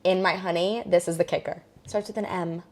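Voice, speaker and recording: A woman's voice: on the low side, fairly even intonation, a little fast, darkish tone. A young woman co-hosting a podcast, chatting casually and bluntly with many filler words. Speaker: podcast co-host. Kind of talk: casual chat.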